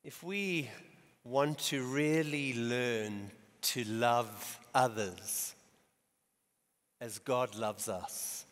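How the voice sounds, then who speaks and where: A man preaching slowly and deliberately, letting quiet pauses hang between his phrases. His voice sits at an ordinary middle pitch, and each sentence trails off into a long reverberation in a church hall. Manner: slow, measured storytelling with quiet dramatic pauses. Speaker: guest preacher. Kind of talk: sermon.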